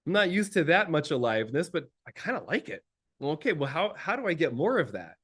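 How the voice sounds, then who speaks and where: A man's voice: a little high, very animated, a little fast, fairly bright tone, slightly rough, pitched above the performer's own voice, full character voice. A man quoting a male tech leader who thinks aloud in wonder. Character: surprised male tech leader, newly excited.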